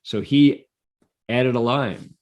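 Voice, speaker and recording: A man giving a Buddhist dharma talk, telling a story with animated delivery and leading mantra chants. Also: mid-range voice, slow pace, dull audio.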